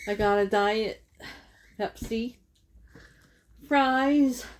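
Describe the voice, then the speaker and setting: A woman's voice: a little high, extremely slow. A woman chatting casually while eating on camera, laughing often and correcting herself mid-sentence. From Canada. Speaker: vlogger. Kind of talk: casual mukbang chat.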